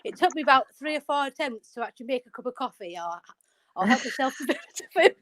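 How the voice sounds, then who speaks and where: A woman's voice: high voice, animated, quick pace, a bit bright. A woman chatting casually as a call-in guest, giggly, laughing between phrases. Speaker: guest calling in. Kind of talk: casual chat.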